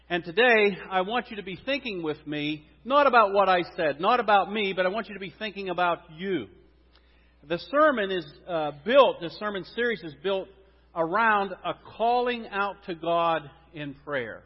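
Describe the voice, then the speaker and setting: A man preaching a sermon and leading prayer in a church, swinging from loud declarations to hushed, quiet prayer. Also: high-pitched, lively intonation, moderate pace. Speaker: pastor. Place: church sanctuary. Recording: dull lo-fi sound with long hall reverb.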